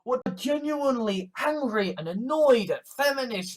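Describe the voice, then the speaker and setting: A man delivers a sarcastic, exasperated rant with plenty of swearing. His voice sits unusually high. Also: expressive, moderate pace, hardly any pauses. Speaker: online commentator. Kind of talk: ranting monologue compilation.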